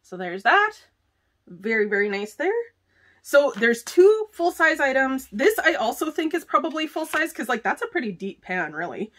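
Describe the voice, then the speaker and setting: A bubbly woman vlogger talks her way through a beauty subscription box in a casual chat to camera. Her voice sits a little high and swoops animatedly, and she gushes excitably over each item. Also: normal speed. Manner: gushing, excitable, chatty with frequent "like" and "oh my gosh".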